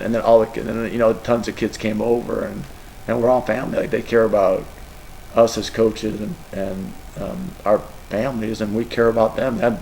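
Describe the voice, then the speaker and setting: A middle-aged man with a lowish, gravelly voice talks as a football coach at a press session. He rambles and gets emotional, and a faint room ambience sits behind him. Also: a little hiss or hum, poor audio. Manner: emotional, rambling, tearful at times. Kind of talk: press conference answers.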